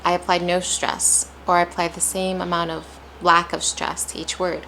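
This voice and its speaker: A woman's voice: fairly low pitch, little pitch movement, moderate pace, gravelly, sharp tone, slight background noise, rough recording. A woman with an American accent teaching English pronunciation, encouraging, who demonstrates stress and rhythm by repeating example sentences. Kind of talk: pronunciation lesson.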